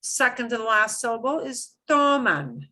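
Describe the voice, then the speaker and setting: Slow-talking woman teaching a lesson. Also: medium pitch, sing-song, bright, forceful tone. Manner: explains patiently, with repetition and emphatic examples. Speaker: Spanish teacher. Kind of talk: online language lesson.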